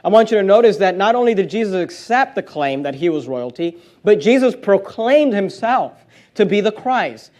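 A man's voice: high-pitched, very animated, normal speed, darkish tone. A man preaching a sermon, reading scripture aloud with emphatic stresses and plain conversational asides between readings.

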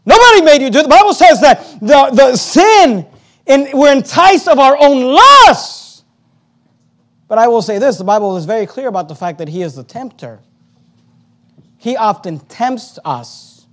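A man preaching a sermon, swinging between loud emphatic surges and quieter explaining, with lots of repetition. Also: very high-pitched, big pitch swings, normal speed. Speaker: pastor.

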